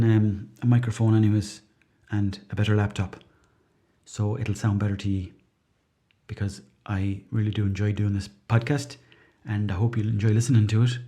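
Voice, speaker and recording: An Irish-accented man hosts a comedy podcast, delivering a rambling, chatty monologue full of self-mockery. His voice is fairly low and dark in tone.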